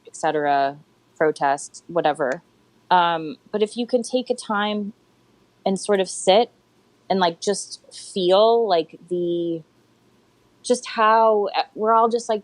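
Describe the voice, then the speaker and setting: A woman's voice: fairly low pitch, no room sound, rough recording. A young woman co-hosting a podcast, talking in a musing, loose way full of "like" and "I mean.". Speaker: podcast co-host. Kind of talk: casual chat.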